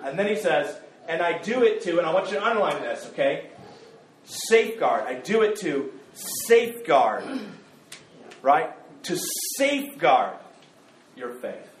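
A man's voice: on the high side, sing-song, a little slow, long pauses, roomy sound, a little hiss or hum. A man preaching a sermon as pastor, conversational and joking, often repeating his words as he goes. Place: church sanctuary.

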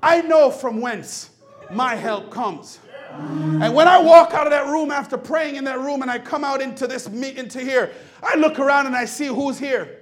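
High-voiced preacher shouting his sermon. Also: moderate pace, soft background music. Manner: shouting, call-and-response preaching. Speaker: pastor. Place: church sanctuary.

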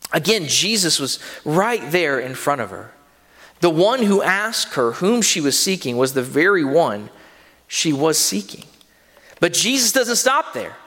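A man preaching a sermon as pastor, earnest, his voice climbing when he presses a point. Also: fairly bright tone. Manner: earnest preaching, pitch rising with emphasis. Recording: long hall reverb.

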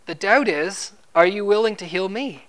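A man's voice: sits high, normal speed, a bit bright. A man preaching an expository sermon in a conversational way, asking his listeners questions and repeating words when he stresses a point.

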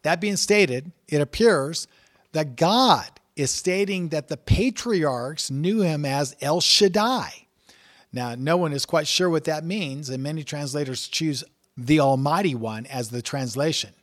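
A man with a fairly high voice teaches from scripture, earnest and deliberate, and reads passages aloud with emphatic rises. The recording is dry and close, with no room echo. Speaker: Bible teacher.

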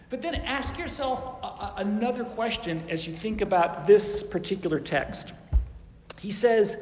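High-voiced man preaching in a hall. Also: darkish tone. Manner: conversational, acts out quoted lines in different tones. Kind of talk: sermon. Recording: echoey hall with faint background noise.

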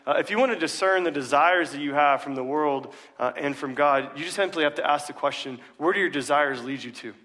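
A man preaches in a church sanctuary in a loose, conversational way, with easy jokes and frequent "uh" fillers. His voice sits a little high for a man. The sound trails off in the long reverb of a large hall. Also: fairly quick, few pauses, sharp tone. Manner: casual, joking, many "uh" fillers. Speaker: pastor. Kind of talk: sermon.

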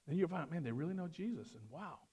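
Middle-aged male pastor, high voice, teaching a verse-by-verse sermon; animated, with loud stresses and hushed asides. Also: fast talker, breathy edge. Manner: animated, swings from loud emphasis to quiet asides.

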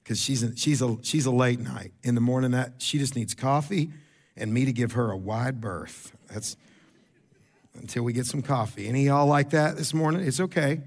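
A middle-aged pastor preaches a sermon in a conversational way, repeating words and tossing quick asides to the congregation. When he wants to stress a point, his voice climbs higher and louder.

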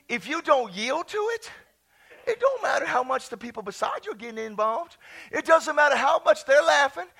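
A man preaching a charismatic sermon in a church, exuberant, breaking into laughter and shouted praise. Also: very high voice, gravelly. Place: church sanctuary.

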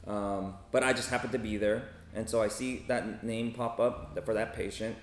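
A man's voice: lowish voice, steady tone, moderate pace. A man who works as a hospital chaplain, telling a story to a group in a casual way and often checking in with "right?" and "okay?". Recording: roomy echo with faint ambience.

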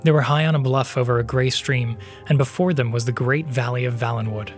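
A man narrating a fantasy story as the podcast's host, in even, measured storytelling. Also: medium pitch, faint music behind. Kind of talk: scripted audiobook narration.

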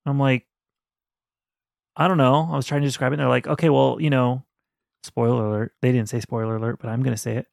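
A man's voice: medium pitch, steady tone, brisk, vocal fry, dry recording, studio quality. A man co-hosting a podcast, chatting animatedly and rambling about a book, laughing often. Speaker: podcast co-host. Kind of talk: casual book-review chat.

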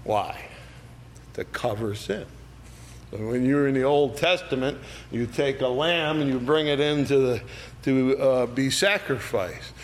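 A man's voice: medium pitch, a little slow, slight background noise. A man leading an adult Bible study, explaining verses in a conversational way and often checking in with "all right?". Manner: explains verses by acting out lively quoted voices. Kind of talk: unscripted Bible study teaching.

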